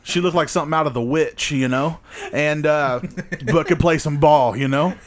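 A young man with a slightly high voice tells crude stories in loose, casual chat. He laughs often and slips into voices for the people in his tales. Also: normal speed. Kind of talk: casual storytelling.

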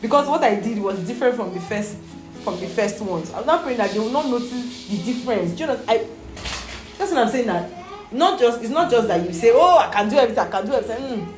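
Brisk and lively in intonation, a woman with a slightly high voice and a Nigerian accent leads a Bible lesson. She earnestly and repeatedly checks in with "Do you understand?" The recording echoes as if in a large room, with music underneath.

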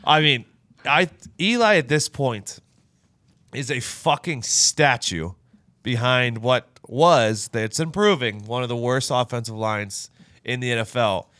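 A man co-hosting a casual sports podcast, opinionated and swearing freely, often trailing off quietly at the ends of his points. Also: mid-range voice, measured pace, dry recording, clean studio sound. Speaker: podcast co-host.

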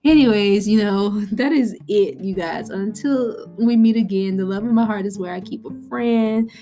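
A woman hosting a podcast, talking casually to her listeners, animated and laughing often between exclamations. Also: mid-range voice, moderate pace. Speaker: podcast host.

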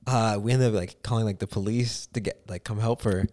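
A man's voice: fairly low pitch, brisk. A young man hosting a podcast in casual chat, telling stories animatedly and acting out the voices of people in them. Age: young adult. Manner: animated storytelling, acts out quoted voices. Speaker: podcast host.

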